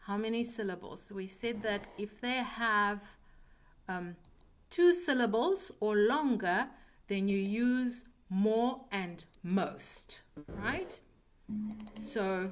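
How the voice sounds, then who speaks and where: A woman teaching a beginner English class, patient and clear, often checking with "right?". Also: medium pitch, fairly bright tone, slight background noise. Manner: patient, slow, checks understanding with frequent "right?".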